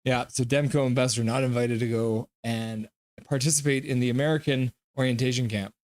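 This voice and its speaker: A man's voice: mid-range voice, steady tone, a little fast, darkish tone, no echo. A man hosting a casual live stream, reading viewer comments aloud and riffing on them in a loose, chatty way. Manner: chatty, loose, many fillers. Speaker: livestream host.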